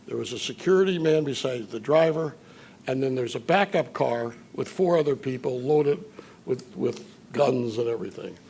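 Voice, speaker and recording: An older man from Chicago giving an after-dinner speech, telling anecdotes with dry humor and filler pauses. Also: mid-range voice, gravelly, darkish tone, a little hiss or hum. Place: banquet hall at a dinner event.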